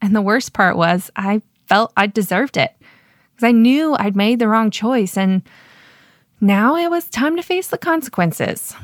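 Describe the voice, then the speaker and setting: Woman host, scripted personal storytelling, measured and wry, dry close sound. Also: a little high, expressive, no echo. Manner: measured, self-deprecating storyteller. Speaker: podcast host.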